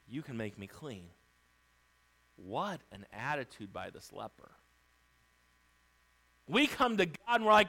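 A man preaching a sermon as pastor, emphatic, swinging between loud declarations and hushed lines, acting out pleas. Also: on the high side, sing-song, moderate pace, gravelly, long pauses, poor audio. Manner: acts out Bible characters' pleas.

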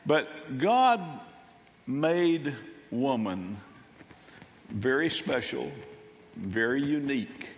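An older man preaching a sermon as pastor, folksy and halting, with many restarts. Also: medium pitch, very animated. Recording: long reverb of a church hall.

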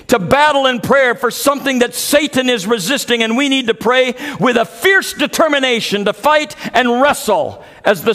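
A pastor preaching an earnest sermon that builds in intensity. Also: male voice, very high voice, sharp tone, in a large hall.

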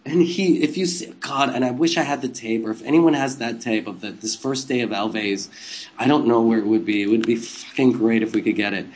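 A man's voice: mid-range voice, fairly quick, darkish tone. A man, a former live TV presenter, casually telling an anecdote in a rambling way, laughing often and swearing freely. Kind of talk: casual storytelling chat.

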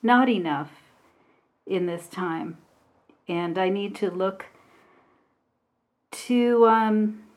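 A woman meditation teacher giving a Dharma talk, speaking slowly and hesitantly with pauses and fillers, reading a passage aloud. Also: mid-range voice.

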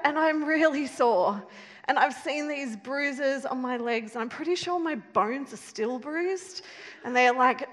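Animated high-voiced woman, hall reverb. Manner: animated, self-mocking, laughs while telling. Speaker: speaker telling a story to an audience. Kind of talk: storytelling talk with a moral. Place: room with a live audience.

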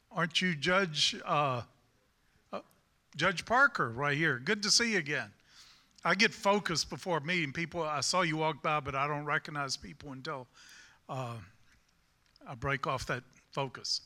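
A man's voice: on the high side, pushed and bright. A man with a Southern US accent preaching a sermon in a folksy, rambling way, with self-deprecating humor.

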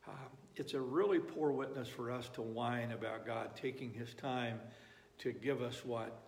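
A man's voice: mid-range voice, a little slow, creaky, slight background noise. A man preaching a sermon, emphatic and repeating phrases for effect. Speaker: pastor. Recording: echoey hall reverb.

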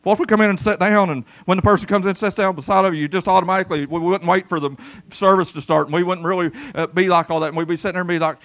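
Folksy pastor, gravelly voice. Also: male voice, sits high, very fast, few pauses. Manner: folksy, animated, calls out to the congregation. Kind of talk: storytelling sermon. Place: church service.

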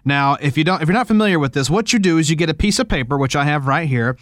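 A man's voice: on the high side, expressive, fast talker, a bit bright, no room sound, studio quality. A man hosting a comedy podcast, chatting playfully and getting exasperated with his sidekick. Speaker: podcast host.

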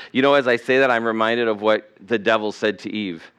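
With a lowish, steady voice that is smooth and fairly bright, a male pastor preaches at a moderate pace in a church sanctuary. He keeps it conversational and sometimes voices the people in his story.

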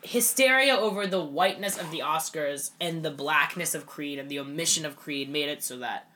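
A young man co-hosting a podcast in casual chat, animated and self-mocking, with lots of fillers. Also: on the high side, moderate pace. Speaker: podcast co-host.

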